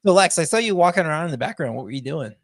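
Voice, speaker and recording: A man's voice: fairly high pitch, animated, racing, no room sound, clean studio sound. A man co-hosting a podcast, chatting casually in a blunt, teasing way. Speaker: podcast co-host. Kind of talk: casual chat.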